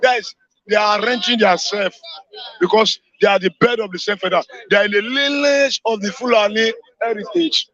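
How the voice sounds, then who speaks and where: A man from Edo State with a Nigerian accent, ranting fiercely as a caller on a live radio show, shouting and repeating himself and slipping into Pidgin. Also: sits high, moderate pace. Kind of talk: impassioned live radio call-in rant. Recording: dull lo-fi radio audio.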